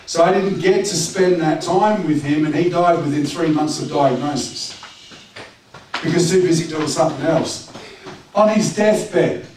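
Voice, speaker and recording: A man's voice: a little high, a little mellow. A middle-aged man preaching a sermon as pastor, talking plainly and putting questions to the congregation. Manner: conversational, direct, asks the congregation questions. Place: church hall. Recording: echoey church room from far off, faint noise.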